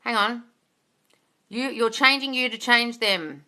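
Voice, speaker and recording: A woman manifesting coach hosting a casual live Q&A, gushing and excitable, calling listeners darling and swearing freely. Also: fairly high pitch, slow. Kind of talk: casual live-stream Q&A, reading viewer comments.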